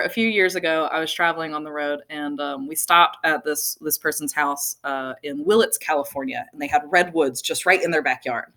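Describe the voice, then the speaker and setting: A young woman telling a personal story to an audience, animated, laughing often and saying "like" a lot. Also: low voice. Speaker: speaker.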